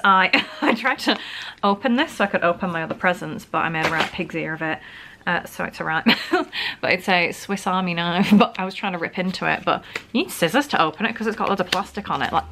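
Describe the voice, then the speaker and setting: A woman's voice: lowish voice, background noise. A young Northern English woman chatting casually through a gift haul vlog at home, gushing and giggling now and then. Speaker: vlogger. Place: home room. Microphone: camera on a stand.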